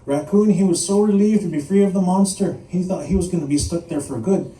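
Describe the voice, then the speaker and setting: A man's voice: sits high, a little fast. Playful male storyteller in an echoey room. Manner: animated and playful, with chuckles. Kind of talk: live oral storytelling. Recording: echoey room, mic at a distance.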